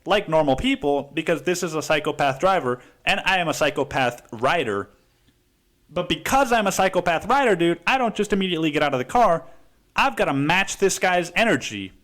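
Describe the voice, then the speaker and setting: A man's voice: on the high side, a bit bright. A man from Mexico, hosting a podcast and telling a story in a casual, profane way, saying "dude" constantly. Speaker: podcast host.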